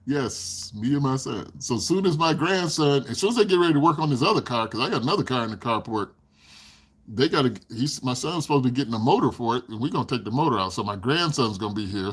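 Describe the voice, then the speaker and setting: A man's voice: medium pitch, slightly rough. An older man hosting a casual livestream, telling rambling stories and laughing often. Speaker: livestream host.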